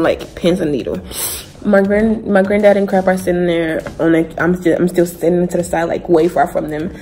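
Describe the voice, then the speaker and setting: A young woman talking straight to camera, telling a personal story in a loose, chatty way. She trails off, restarts and drops little asides. Faint music sits quietly behind her voice. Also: mid-range voice. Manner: casual, chatty, many fillers, laughs while telling. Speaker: vlogger. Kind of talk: storytime vlog.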